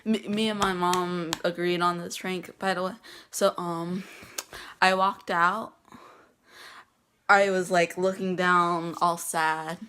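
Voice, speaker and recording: A teenage girl telling a prank story in a casual vlog, halting with many pauses and restarts. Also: fairly low pitch, level tone, pushed and bright, smooth. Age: teens. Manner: halting, many ums and restarts, laughs at herself. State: getting emotional, near tears. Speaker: vlogger.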